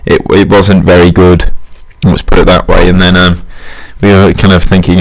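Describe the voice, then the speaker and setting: A man's voice: sits low, flat delivery, normal speed, hardly any pauses. A young man rambling through a casual solo monologue, self-mocking and chuckling at his own jokes.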